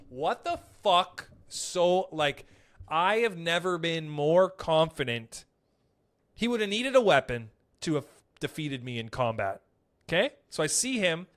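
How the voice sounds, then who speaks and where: A young man hosting a casual podcast, telling stories in an animated, profane way. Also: a little high. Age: young adult. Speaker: podcast host; comedian.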